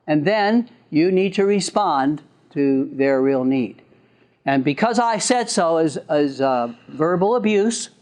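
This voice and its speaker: A man's voice: on the high side, animated, slow, darkish tone. Guy lecturing on parenting, lots of up and down in his voice, chuckles a lot, acts out little scenes. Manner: jokey, laughs at own lines, acts out parent and child voices. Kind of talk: recorded lecture.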